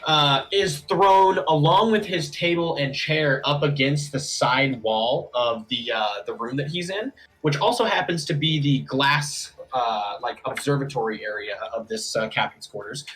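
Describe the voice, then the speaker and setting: A man's voice: medium pitch, a little slow, hardly any pauses, fairly bright tone, poor audio. Laid-back man running a tabletop game. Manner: casual, many fillers. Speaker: game master.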